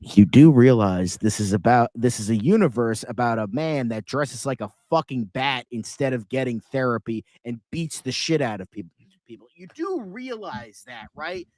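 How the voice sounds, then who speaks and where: A man's voice: mid-range voice, very animated, normal speed, dark tone, no room sound. A young man co-hosting a casual podcast, ranting with heavy profanity and exasperated sarcasm. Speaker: co-host.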